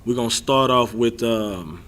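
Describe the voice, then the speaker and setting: A young man giving a livestreamed scripture teaching as a street preacher, animated and rambling, often repeating himself. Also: mid-range voice, measured pace, a little hiss or hum.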